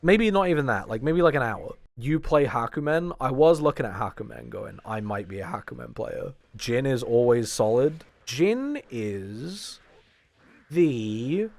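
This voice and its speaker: A man's voice: medium pitch, dry recording. A man in his twenties chatting casually on a stream, joking and swearing as he rambles, his voice strained and tired. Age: 20s. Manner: rambling, jokey, swears often. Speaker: fighting game podcast co-host.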